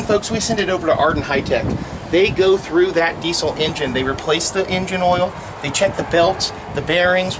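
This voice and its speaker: High-voiced upbeat RV salesman. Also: background noise. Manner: upbeat, folksy sales patter. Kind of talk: walkaround sales video. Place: in and around a motorhome on a sales lot.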